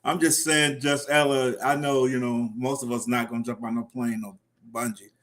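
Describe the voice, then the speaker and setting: A man's voice: medium pitch, little pitch movement, normal speed, a bit bright. Laid-back male livestream host. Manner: reads out viewer comments, laughs often. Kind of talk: casual live-stream chat.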